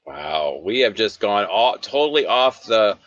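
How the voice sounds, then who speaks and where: Casting: man, bright forward voice, giggly podcast host, dry lo-fi sound. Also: fairly low pitch, sing-song, a little slow, dry recording. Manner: giggly, reads chat comments aloud. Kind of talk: casual chat, reading viewer comments. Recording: dull lo-fi sound.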